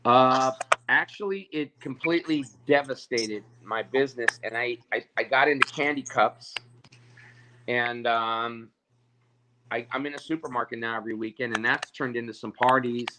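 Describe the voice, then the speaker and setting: Guest spot: lively storyteller man, mid-pitch, noisy call audio. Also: moderate pace. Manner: animated, acts out quoted voices, stammers on restarts. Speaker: balloon artist guest. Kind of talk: casual storytelling on a video call.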